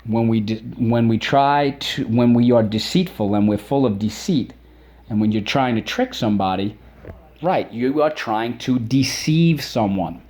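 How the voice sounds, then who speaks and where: Lively man teaching a spelling lesson. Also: mid-range voice, unhurried. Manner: lively, repeats words and sounds out syllables.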